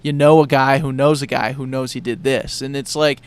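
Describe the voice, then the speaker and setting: A man's voice: mid-range voice, flat delivery, brisk, smooth. A young man hosting a podcast, chatting in an enthusiastic, loose and rambling way. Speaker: podcast host. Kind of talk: casual conversation.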